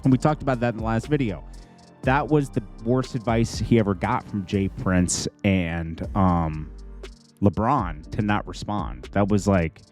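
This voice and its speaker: A man casually breaking down a rap diss track, rambling with lots of fillers and pitched-up mock quotes. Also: a little slow, a little mellow, soft background music. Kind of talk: casual reaction commentary.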